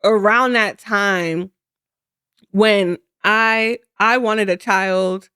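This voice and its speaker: A woman's voice: mid-range voice, steady tone, very slow, sharp tone, clean tone, dry recording, clean studio sound. A woman in her thirties co-hosting a podcast, talking candidly and expressively with frequent laughter and casual slang. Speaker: podcast co-host.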